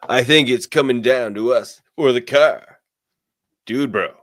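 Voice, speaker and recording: A laid-back young surfer dude, as a man puts him on, drawls his slang a few notches higher and louder than an ordinary speaking voice. He is chill, easygoing and bro-ish. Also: measured pace, no echo, clean studio sound, lightly acted.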